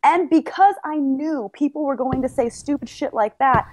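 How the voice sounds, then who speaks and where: A woman's voice: sits high, normal speed, darkish tone, no echo. Exasperated woman, dry close sound. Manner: defensive, exasperated. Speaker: video creator. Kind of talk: casual response commentary.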